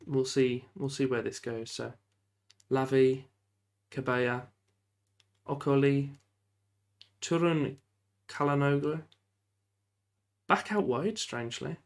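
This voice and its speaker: Guy yelling at the ref over his football sim, mid-pitched, chatty. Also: slow pace, long pauses. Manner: animated, shouts at the referee, laughs. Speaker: gaming YouTuber. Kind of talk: live game commentary.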